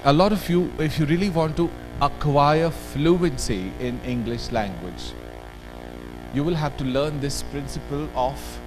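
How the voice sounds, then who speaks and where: Brief: Indian male trainer, high-pitched voice, animated classroom delivery, faint music under a conference hall. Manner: animated, drills words aloud, code-switches into Hindi asides. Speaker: workshop trainer. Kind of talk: lively classroom workshop lecture.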